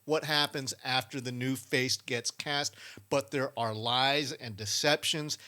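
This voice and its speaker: Male podcast co-host, bright tone, loose rambling delivery full of restarts. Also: mid-range voice, steady tone. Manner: halting, many restarts and fillers. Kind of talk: casual chat reviewing films.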